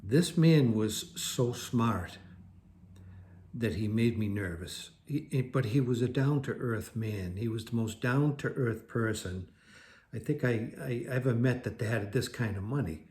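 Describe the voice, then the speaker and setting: A man recounts his own past in a loose, conversational way. He circles back, repeats himself and fixes his words mid-sentence. His voice sits at an ordinary middle pitch. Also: unhurried, a little mellow. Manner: rambling, conversational, with restarts and self-corrections. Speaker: storyteller. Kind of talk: personal recovery story told to camera.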